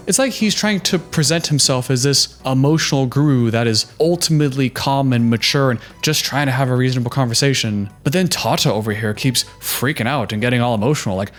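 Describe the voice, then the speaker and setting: A man's voice: medium pitch, fairly quick, few pauses, soft background music. A young man hosting a reaction video, giving a heated, sarcastic recap of a TV show. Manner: heated, sarcastic, mocking quoted voices. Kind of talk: opinionated TV recap commentary.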